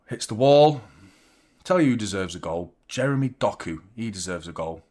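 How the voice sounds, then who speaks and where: A man hosting a live football watchalong, reacting loudly as a fan, swearing, joking and talking to viewers. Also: lowish voice, normal speed. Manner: excitable, swearing, jokey fan banter, chatting to viewers. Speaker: watchalong host.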